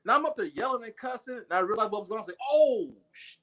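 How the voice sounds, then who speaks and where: A middle-aged man telling a movie story on a casual livestream, animated and full of swearing. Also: sits high, racing. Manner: animated, profane, acts out voices. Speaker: guest storyteller.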